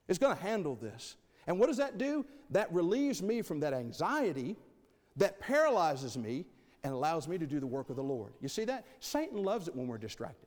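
A man preaching a sermon, asking rhetorical questions and swinging between loud and soft. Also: fairly high pitch, very animated, normal speed, big-room sound.

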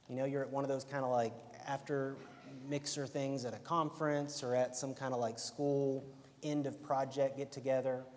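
A man's voice: mid-range voice, darkish tone. A young man with an Alabama accent giving a casual, conversational sermon, often checking in with "right?". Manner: conversational, keeps asking "right?". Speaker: preacher. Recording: long hall reverb.

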